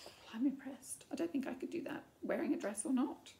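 A woman's voice: high voice, expressive, fairly quick, gravelly, dark tone. A woman reading a picture book aloud to children, adding chatty asides and playful whispered remarks. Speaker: storytime reader.

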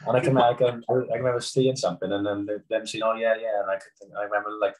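Fast-talking Welsh man, low voice. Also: low-quality recording. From Wales. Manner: fast, animated storytelling with swearing. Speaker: guest rugby player. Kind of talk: casual podcast chat.

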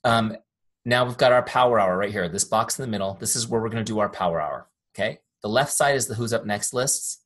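Husky-voiced man teaching an online training. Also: lowish voice, a little fast, fairly bright tone. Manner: upbeat, chatty, self-deprecating jokes. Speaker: software trainer. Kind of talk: live online training with screen demo. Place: home office. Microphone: desk microphone.

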